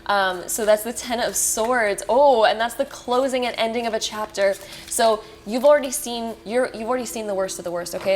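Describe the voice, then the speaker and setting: With a voice on the high side, a tarot reader hosts a casual pick-a-card session for her viewers. She rushes along eagerly, offers reassurance, and peppers her talk with "like" and "you know."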